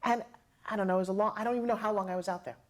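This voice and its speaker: A middle-aged woman telling a personal story, dramatic and expressive, acting out the voices of the people in it. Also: medium pitch, rapid-fire. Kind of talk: animated storytelling.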